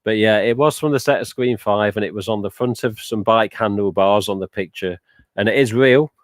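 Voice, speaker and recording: A man's voice: fairly low pitch, normal speed, no room sound. A man hosting a casual live stream, rambling chattily with lots of "uh" and "but yeah" as he reads out viewer comments. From England.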